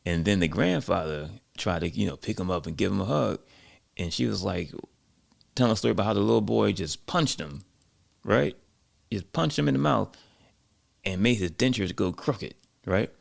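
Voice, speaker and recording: A man with a very low, gravelly voice tells a story in a relaxed, conversational way. His tone is husky, and he pads his sentences with casual fillers. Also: moderate pace.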